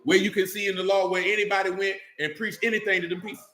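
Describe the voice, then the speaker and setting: High, bright-voiced preacher in an echoey room. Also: male voice, flat delivery. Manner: preaching to a congregation, reading scripture aloud slowly, rhetorical questions. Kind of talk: sermon. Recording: echoey room with faint noise.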